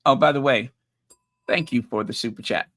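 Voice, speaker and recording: A man's voice: mid-range voice, normal speed, fairly bright tone. A man hosting a live stream, reading royal news reports and viewer comments, then adding sarcastic, chatty asides with fillers. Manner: chatty, with fillers and self-corrections. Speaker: YouTube royal news host.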